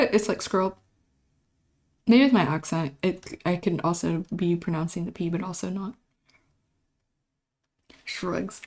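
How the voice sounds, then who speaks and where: A woman livestreaming while drawing, with a sore throat, chatting casually, giggling often, greeting and thanking viewers, sometimes dropping into soft whispers. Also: medium pitch. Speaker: livestreaming artist. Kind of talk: casual stream chat.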